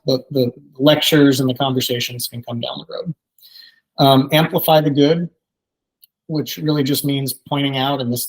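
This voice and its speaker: A man's voice: medium pitch, poor audio. A man in his thirties, a therapist, giving a conversational training talk with many ums. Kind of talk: training presentation.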